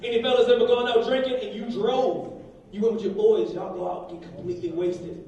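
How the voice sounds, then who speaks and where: A man's voice: high-pitched, fairly even intonation, a little fast, dark tone, recorded from a distance, dull audio, slight background noise. A man doing a brash, profane stand-up set on a comedy club stage, baiting the crowd. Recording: echoey live club, mic heard from afar, crowd laughter.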